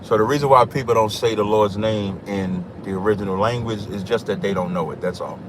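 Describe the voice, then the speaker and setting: A man's voice: lowish voice, a little fast, noisy background. A man hosting a call-in livestream, reading scripture aloud and talking over interrupting callers. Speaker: livestream host.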